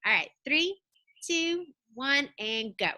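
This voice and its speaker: A woman teaching young children in a recorded video lesson, with a bright, ringing voice. Her pitch moves up and down a lot as she guides them through a reading passage. She talks patiently and encourages them. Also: animated, slow. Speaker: second grade teacher.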